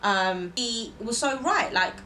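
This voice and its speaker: A woman's voice: on the high side, slow pace, a little hiss or hum, poor audio. A young woman, chatting to camera and telling a personal story, acting out what others said. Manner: chatty, animated quoting of others. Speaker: vlogger. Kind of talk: casual storytelling chat to camera.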